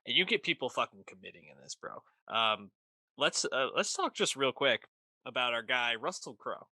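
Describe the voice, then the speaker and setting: A man's voice: medium pitch, very animated, normal speed, sharp tone, no echo. A man co-hosting a pop culture podcast, chatting enthusiastically with slang and swearing. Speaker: podcast co-host. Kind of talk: casual chat.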